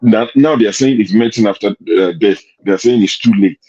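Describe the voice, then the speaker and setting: A man's voice: fairly low pitch, fast, dark tone, breathy edge, highs cut off. A man hosting a casual political commentary show, arguing his points with rhetorical questions over a remote call. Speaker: show host.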